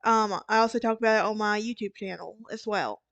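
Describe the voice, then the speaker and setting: A woman's voice: medium pitch, fairly quick, creaky, fairly bright tone, dry recording, lo-fi sound. A tired woman with a Southern accent hosting a true crime podcast, narrating casually and often correcting herself as she goes. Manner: rambling, frequent restarts and self-corrections.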